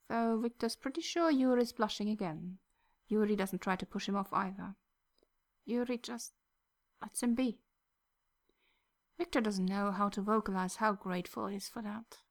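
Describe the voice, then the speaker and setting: A woman reads a story aloud in a soft, gentle storytelling voice. Her pitch sits in the middle of the range, and she sometimes drops nearly to a whisper. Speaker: narrator. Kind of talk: audiobook reading of fan fiction.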